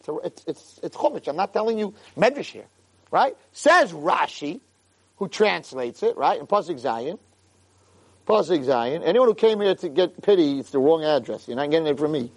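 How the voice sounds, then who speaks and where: A man's voice: fairly high pitch, moderate pace, husky. A man teaching a Torah class as a rabbi, emphatic and full of rhetorical questions, acting out voices of people in the story. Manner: animated, emphatic, rhetorical questions, acts out dialogue.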